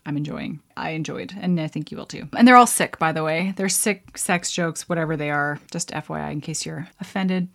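A woman's voice: fairly low pitch, creaky. A young woman from Canada hosting a casual solo podcast, chatty and giggly, laughing at herself as she talks. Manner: chatty, giggly, self-deprecating. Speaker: podcast host.

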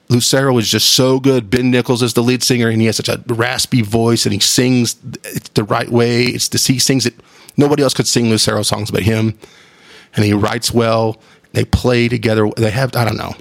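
A man's voice: mid-range voice, gravelly, no room sound. A man, hosting a casual solo monologue, rambling and enthusiastic with casual swearing. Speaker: podcast host.

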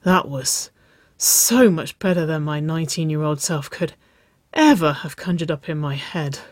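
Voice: medium pitch, moderate pace, darkish tone, no echo, lightly acted. A lovestruck young woman in a spoken romance story, voiced by the reader, groaning and pleading. The voice stays close to the narrator's own. The sound is dry and close.

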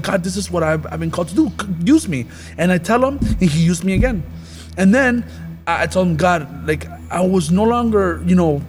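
A man's voice: on the high side, a little mellow. A man hosting a casual Christian podcast, talking earnestly about the Holy Spirit with rambling restarts.

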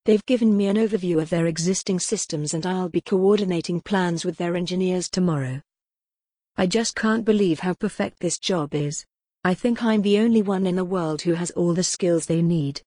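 Woman voicing a husband on the phone, earnest, affectionate, low-set, dry close sound, audiobook figure. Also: moderate pace, no room sound, natural voice. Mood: eager. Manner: eager and affectionate, softer when giving bad news. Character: earnest adult man, a husband away on work.

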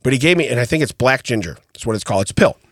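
A man's voice: medium pitch, very fast, no room sound, studio quality. A middle-aged man co-hosting a podcast, telling a story with lots of laughs and frequent "okay?" asides. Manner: animated storyteller, laughs often, says "okay?" a lot. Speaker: podcast co-host. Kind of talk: casual comedic chat. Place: podcast studio. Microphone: studio mic.

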